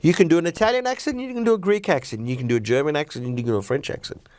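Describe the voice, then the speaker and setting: Very fast and a little high, this middle-aged man's voice is caught in a dry recording. He's an Australian stand-up comedian in a casual podcast chat, delivering blunt opinions and animated stories.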